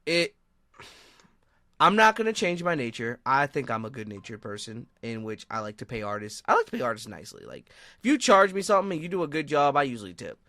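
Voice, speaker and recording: A man co-hosting a podcast, telling stories in casual chat, animated and laughing often, swearing freely. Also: mid-range voice, a little fast, dry recording, studio quality. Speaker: podcast co-host.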